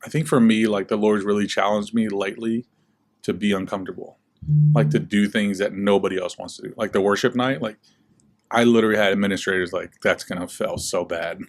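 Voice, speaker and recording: Chatty young man with a lowish voice. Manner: relaxed, chatty, acts out quoted voices with lots of "like". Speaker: guest speaker. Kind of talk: casual storytelling interview.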